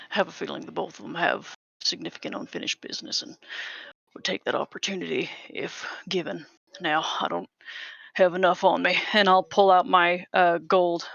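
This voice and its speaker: A man speaks formally in character as a player at a tabletop game. His voice is gravelly and bright, with a flat, even pitch. The sound is dry and lo-fi. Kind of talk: in-character tabletop role-play.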